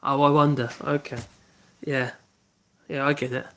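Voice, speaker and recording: A man's voice: mid-range voice, little pitch movement, moderate pace, fairly bright tone. A man hosting a casual woodworking livestream, rambling and humming to himself as he works. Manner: rambling, hums to himself while working. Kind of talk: casual livestream chat while working.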